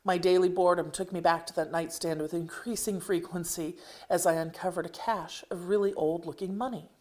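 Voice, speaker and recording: A woman reading her own personal memoir aloud in a measured way, with occasional wry asides. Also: fairly low pitch, steady tone, mellow.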